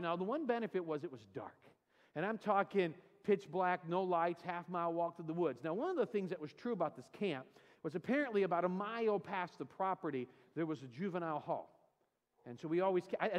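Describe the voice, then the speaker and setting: A pastor from California, with a high-pitched voice and a long reverb tail, preaches in a church sanctuary. He animatedly tells a funny story, acting out the voices with self-deprecating humor, before turning to scripture.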